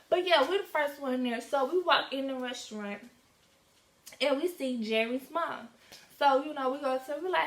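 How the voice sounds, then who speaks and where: A teenage girl telling a casual storytime in a lively, slangy way, acting out the dialogue as she goes. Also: high-pitched, moderate pace, a little hiss or hum. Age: teens. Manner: animated, slangy, acts out quoted dialogue. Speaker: vlogger. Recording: echoey room.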